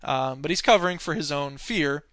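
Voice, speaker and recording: A male teacher walks through a film scene by scene in a loose, unscripted lecture. He stalls often on "uh" and "um" while he digs through his notes. His voice is a bit high and bright, and the recording is dry and close. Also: lively intonation, moderate pace, no echo. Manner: hesitant, many fillers, searching through notes.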